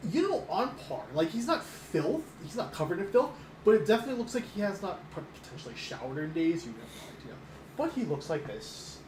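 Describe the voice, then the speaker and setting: A man's voice: high voice, sing-song, brisk. A man narrating as game master of a tabletop game, rambling and filling his descriptions with "like". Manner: rambling, many fillers, laughs at own descriptions. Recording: echoey room with background noise.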